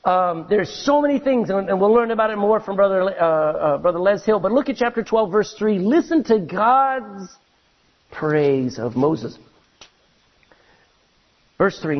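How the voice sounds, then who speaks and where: Husky high-voiced preacher, lively swings. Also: male voice, unhurried, lo-fi sound. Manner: emphatic, reads scripture aloud, swings between loud and hushed. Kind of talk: sermon.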